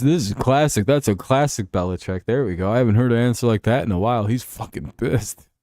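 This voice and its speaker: A man's voice: lowish voice, a little mellow, clear, resonant tone, no echo, studio quality. A man hosting a casual football talk show, ranting and sarcastic with plenty of swearing. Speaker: host.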